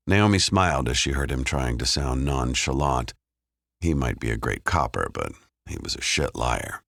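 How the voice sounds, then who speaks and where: A man reads a thriller audiobook in a measured, steady narrating voice. His voice is extremely deep. The studio sound is close and dry, with no room echo. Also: creaky. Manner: measured, even storytelling. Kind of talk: scripted narration.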